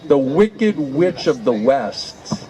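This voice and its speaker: A man telling a humorous anecdote to listeners, with slow, drawn-out delivery, laughter and mock-pleading repetitions. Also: mid-range voice, big pitch swings, warm tone, rough recording. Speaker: storyteller to an audience.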